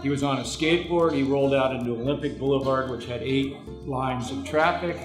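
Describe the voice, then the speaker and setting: A man's voice: mid-range voice, brisk, reverberant, over music. An older man telling a reflective story in a documentary interview. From California.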